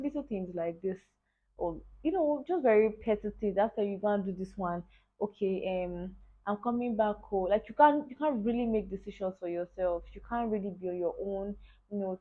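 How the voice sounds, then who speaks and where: A Nigerian woman in her twenties with a Nigerian accent telling a personal story in a casual, animated way, often checking in with the viewer. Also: medium pitch. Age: 20s. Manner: animated, talks straight to the viewer with repeated asides. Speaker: vlogger. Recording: tinny lo-fi phone-like audio.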